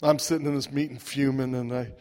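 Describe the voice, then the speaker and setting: A man's voice: mid-range voice, fairly even intonation, a little fast, a little mellow. A man telling a humorous personal recovery story to a meeting, chuckling and asking "right?" as he goes. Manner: wry, chuckling, conversational with lots of "right?" asides. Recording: long echoing hall reverb.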